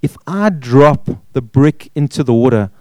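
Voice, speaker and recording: A man's voice: medium pitch, animated, a little slow, mellow, no echo, rough recording. A man preaching a sermon, pressing points with repeated words and rhetorical questions. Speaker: pastor.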